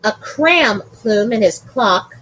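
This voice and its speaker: Woman host, high voice, giggly, casual podcast chat. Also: expressive, slow, fairly bright tone, husky, low-quality recording. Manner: giggly, reads with frequent laughs. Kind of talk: casual chat, reading aloud.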